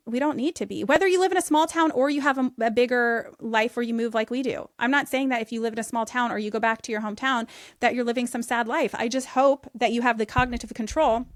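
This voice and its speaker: Upbeat, higher-voiced woman, dry sound. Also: dry recording. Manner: upbeat, emphatic and opinionated. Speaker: podcast guest, author and podcast host. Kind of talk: casual podcast conversation.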